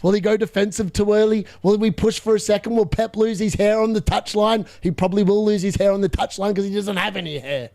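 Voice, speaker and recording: Excitable high-voiced man streaming a match. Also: quick pace, gravelly, few pauses. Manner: excitable, bursts into shouted play-by-play at big moments; chatty, laughs often, reads chat aloud. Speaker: live watchalong streamer. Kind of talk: live football watchalong reaction.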